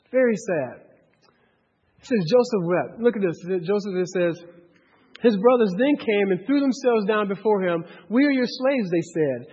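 A man with a very high, husky voice teaches scripture to a group, talking in an animated way with many restarts and questions. He is recorded in a dull, echoing hall with long reverb. Low-fidelity sound. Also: moderate pace. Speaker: bible study teacher. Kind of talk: bible study teaching.

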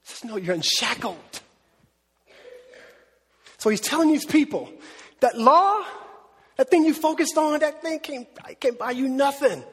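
A man preaching a sermon in an animated, conversational way, laughing and acting out quotes. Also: extremely high pitch, moderate pace, in a large hall. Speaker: pastor.

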